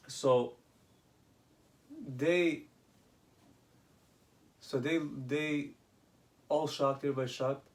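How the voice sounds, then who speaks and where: A man casually retelling rabbinic stories, halting, with many restarts and Hebrew terms. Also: on the high side, steady tone. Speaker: storyteller.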